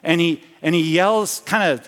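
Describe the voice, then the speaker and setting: A man's voice: fairly high pitch, moderate pace, fairly bright tone, long reverb tail. A man preaching a sermon as pastor, talking conversationally and often restarting his phrases. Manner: conversational, with repeated restarts and personal anecdotes. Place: church sanctuary.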